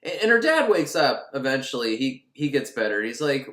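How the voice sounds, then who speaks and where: Sarcastic, profane male film recapper, lively pitch, echoey room. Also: normal speed, hardly any pauses. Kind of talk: casual comedic film recap.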